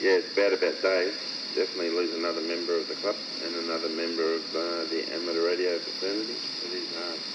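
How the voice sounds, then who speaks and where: Aussie bloke on ham radio, easygoing chat, deep voice, lots of static. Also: male voice. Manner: chatty, easygoing. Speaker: radio net member. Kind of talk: casual amateur radio chat. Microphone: ham radio transceiver mic. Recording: very noisy radio transmission.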